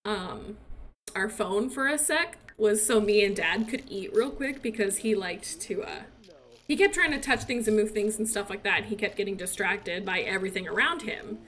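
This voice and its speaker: Speaking at normal speed with a medium-pitched, fairly bright voice, this twenty-something woman streams games and talks casually as she plays. A mother, she rambles about her son and laughs frequently.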